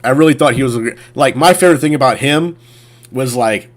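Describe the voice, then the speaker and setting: Casual male game streamer, rambling, middle pitch, filler-heavy. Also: fast talker, a little hiss or hum. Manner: rambling, full of fillers and restarts. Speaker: gaming streamer. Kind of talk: casual chat.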